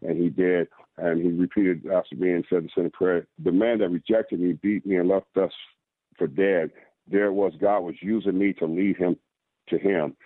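A man's voice: deep voice, fairly even intonation, normal speed, no room sound. A man, a guest author, telling his personal testimony in an earnest way and often repeating words. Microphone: phone. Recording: phone-line sound.

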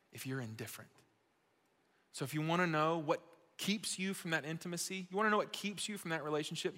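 A man preaches to a room of young adults, stacking repeated phrases with urgency before he drops to a hushed, intimate hush. His voice sits a little high and bright, with a pushing edge. A large church hall trails long echoes behind every word. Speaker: pastor speaking to young adults. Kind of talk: sermon. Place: church auditorium.

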